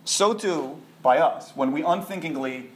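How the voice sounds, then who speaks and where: A man giving an informal Torah talk, animated and conversational, full of rhetorical questions. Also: fairly high pitch, measured pace. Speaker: Torah teacher. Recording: echoey room.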